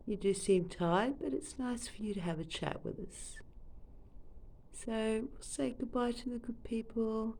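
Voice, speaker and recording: Doting Australian woman with a gravelly edge. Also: on the high side, a little slow, slight background noise. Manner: soft, doting baby-talk to her bird. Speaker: pet parrot owner. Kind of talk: casual chat to a pet on camera. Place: at home, leaning over a couch. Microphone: phone camera held close.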